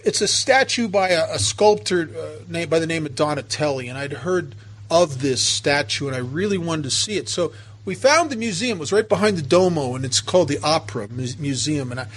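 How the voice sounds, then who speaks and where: A man's voice: a little high, expressive, brisk, a bit bright, a little hiss or hum. A man telling a personal recovery story to a meeting, emotional and self-mocking by turns. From United States. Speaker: recovery speaker.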